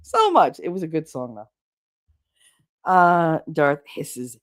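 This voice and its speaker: A woman streamer chats casually with her viewers, her pitch swinging up and down as she tells a story. She laughs a lot and swears freely. She is punchy from too little sleep. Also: wildly swooping pitch, slow pace. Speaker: live streamer. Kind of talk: casual chat with viewers, telling a funny story.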